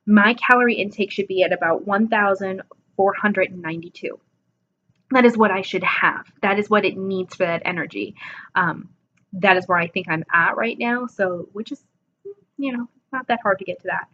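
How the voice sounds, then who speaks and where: A woman's voice: medium pitch, fairly bright tone, a little hiss or hum. Woman in her 20s, casual vlog chat, drowsy and joking, muffled lo-fi sound. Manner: chatty, self-deprecating, laughs often. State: sleepy, yawning. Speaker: vlogger. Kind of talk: casual self-assessment vlog.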